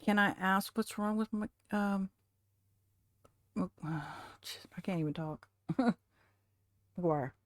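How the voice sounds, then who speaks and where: Woman streamer, rambling casual chat, slow delivery, close dry mic. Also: medium pitch, no echo. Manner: chatty, rambling, soft baby talk to her cat.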